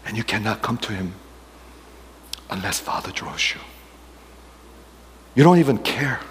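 A man's voice: lowish voice, expressive, unhurried, fairly bright tone, slight background noise. Man preaching in an echoing hall. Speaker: pastor. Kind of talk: sermon.

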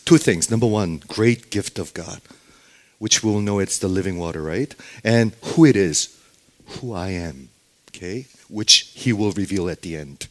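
A man's voice: low-pitched, moderate pace. A man preaching a sermon, asking the congregation questions and punctuating points with "okay?", sometimes dropping to a near whisper for emphasis. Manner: emphatic, asks the audience questions, frequent "okay?"; sudden drops to very soft, near-whispered emphasis.

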